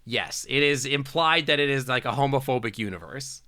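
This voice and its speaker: A man's voice: medium pitch, lively intonation, normal speed, pushed and bright. A young man streaming a game, reading its text aloud and bantering crudely with chat, laughing often. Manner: playful, crude, laughs often, reads narration aloud between jokes.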